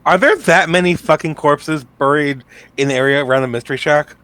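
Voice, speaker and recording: A man's voice: on the high side, brisk, fairly bright tone, dry recording. A man co-hosting a podcast, chiming in with brief, dry asides during a casual chat. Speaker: podcast co-host.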